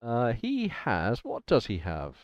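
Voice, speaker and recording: A man's voice: mid-range voice, wildly swooping pitch, slow, dry recording. A man with an English accent narrating a tabletop game as game master, hesitant and filled with ums, on slightly muffled podcast audio.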